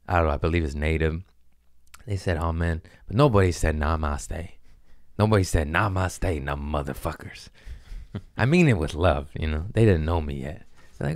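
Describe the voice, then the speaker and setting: A man's voice: very deep voice, normal speed, no echo, studio quality. A young man hosting a talk show, telling a long comedic story with profanity and self-mocking asides. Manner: profane, self-mocking, animated with quoted voices. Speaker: podcast host.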